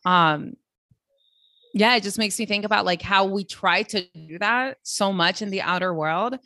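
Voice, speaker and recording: A woman's voice: medium pitch, normal speed, pushed and bright. A woman hosting a casual conversation, reflecting thoughtfully in spiritual terms.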